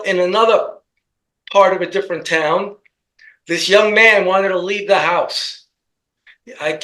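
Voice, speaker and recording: A man co-hosting a casual commentary chat, talking in a rambling, halting way with many restarts. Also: sits high, bright, forceful tone, poor audio. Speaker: co-host.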